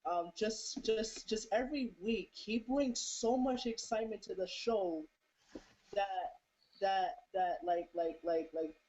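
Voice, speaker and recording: A woman in a casual chat, explaining points in a measured way with frequent fillers. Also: medium pitch, a little mellow. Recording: dull lo-fi.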